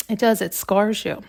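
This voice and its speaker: A woman's voice: mid-range voice, vocal fry. Woman, podcast host, rambling intuitive monologue, searching, restarts, near tears.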